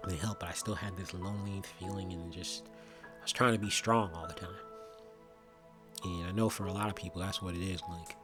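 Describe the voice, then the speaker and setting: Earnest low-voiced man sharing his story. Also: steady tone, music in the background. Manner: earnest, reflective, halting with restarts. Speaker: vlogger. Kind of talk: personal testimony monologue.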